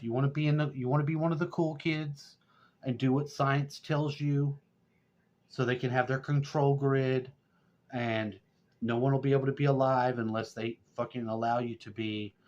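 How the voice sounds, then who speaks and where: A middle-aged man telling loose, rambling stories and swearing constantly, getting loud and high when worked up. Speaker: vlogger. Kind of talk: rambling profane storytelling. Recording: dull lo-fi sound.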